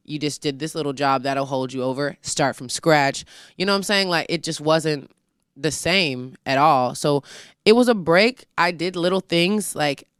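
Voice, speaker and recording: A woman's voice: low-pitched, moderate pace, clear, resonant tone, dry recording, clean studio sound. Young woman guest telling her story. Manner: animated storytelling, acts out her own quotes. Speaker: interview guest, singer. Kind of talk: casual interview chat.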